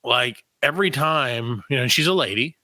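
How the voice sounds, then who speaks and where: A man's voice: mid-range voice, lively intonation, moderate pace, bright, forceful tone, no echo. A man co-hosting a comedy podcast, telling a rambling, profane story in casual chat and acting out the other people's voices. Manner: rambling storyteller, acts out voices, swears freely. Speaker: podcast co-host.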